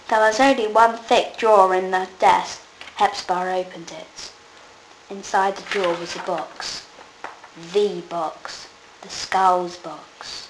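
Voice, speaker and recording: A woman's voice: medium pitch, steady tone, slow pace. Woman reading her own story aloud. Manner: plain reading with small slips and restarts. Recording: echoey room, faint noise.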